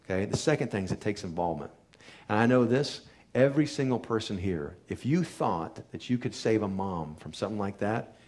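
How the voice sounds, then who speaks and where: Earnest lower-voiced man telling a story. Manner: earnest, emphatic storyteller with sudden quiet drops. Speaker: chiropractor giving a talk. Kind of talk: storytelling talk to a live audience.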